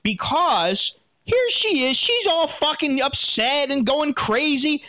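A man hosting an advice talk, reading a listener's letter and answering with blunt, profane, animated rants. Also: extremely high pitch, slow. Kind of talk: casual advice commentary.

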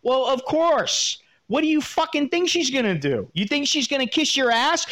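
A man hosting an advice talk, reading a listener's letter and answering with blunt, profane, animated rants. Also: very high-pitched, moderate pace. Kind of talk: casual advice commentary.

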